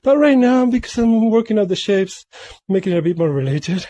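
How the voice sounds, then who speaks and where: A man's voice: sits high, animated, a little fast, warm tone, dry recording. Playful rambling man, sculpting vlog. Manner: playful, rambling, sing-song repetitions. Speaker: mask sculptor. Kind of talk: casual workshop vlog.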